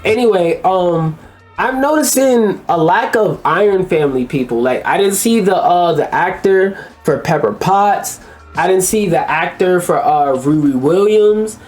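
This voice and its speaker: A man's voice: high-pitched, animated, a little slow, darkish tone, soft background music. A man giving casual, crude reaction commentary, rambling and stumbling over names as he reads through a list. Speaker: commentary YouTuber.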